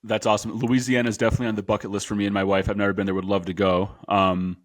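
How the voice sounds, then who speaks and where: Low-voiced male podcast host, chatty. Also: little pitch movement, very fast. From Chicago. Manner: chatty, laughs often, rambling questions. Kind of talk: casual interview hosting.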